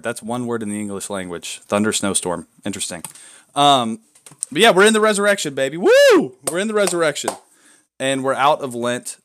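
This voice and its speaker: A young man co-hosting a casual faith podcast, excitable and prone to loud whoops of joy. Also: on the low side. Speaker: podcast co-host. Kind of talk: casual chat.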